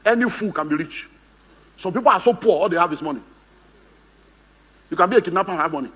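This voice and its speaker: A fast-talking man with a high, somewhat bright and slightly rough voice gives a humorous seminar as a motivational speaker, his Nigerian English accent clear. Performing on a conference hall stage, he acts out the voices he quotes amid a big-room sound.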